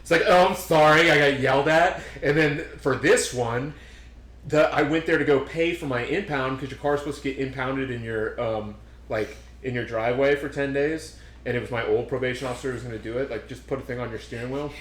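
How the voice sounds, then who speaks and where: Speaking briskly in a steady, mid-range voice, this young podcast host chats casually, telling meandering stories where he swears a lot and performs the quotes. The room gives the recording a noticeable echo.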